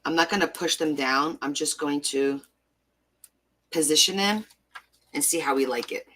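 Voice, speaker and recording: Sorting stickers for her junk journal, a woman gushes and talks to herself in a chatty, casual way, with a lilt she labels valley-girl. The crafting vlogger's voice is low and a bit bright at a moderate pace, with a little hiss or hum in the recording.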